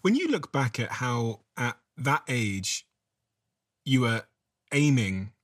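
A man's voice: mid-range voice, big pitch swings, slow, a bit bright, no room sound, clean studio sound. A man interviewing a guest and asking curious, probing questions. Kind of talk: interview chat.

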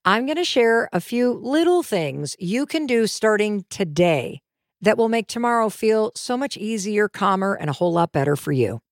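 A middle-aged woman hosting a motivational podcast, chatty and expressive, speaking straight to the listener. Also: mid-range voice, moderate pace, no echo, clean studio sound. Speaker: podcast host.

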